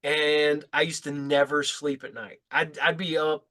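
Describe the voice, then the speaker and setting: Man, middle-aged, bright tense tone, slightly high voice, laid-back swearing anecdotes, podcast chat. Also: flat delivery, a little slow.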